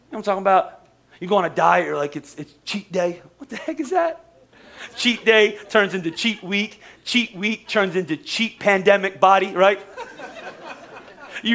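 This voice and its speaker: Male pastor, high voice, joking and animated preaching, repeats phrases. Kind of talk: lively conversational sermon.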